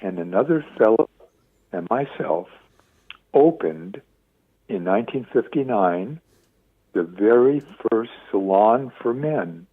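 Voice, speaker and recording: A man in his seventies, a radio interview guest, telling stories with lively acted-out quotes. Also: lowish voice, takes it slowly, long pauses, husky, no echo. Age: 70s. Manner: lively storyteller acting out quoted voices. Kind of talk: phone-in radio interview storytelling. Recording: tinny dry phone line.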